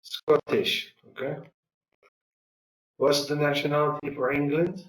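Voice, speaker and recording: A man's voice: a little high, little pitch movement, measured pace, echoey room, far from the mic, poor audio. Patient man teaching an English class. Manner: patient, prompting students, repeating answers. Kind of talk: classroom lesson.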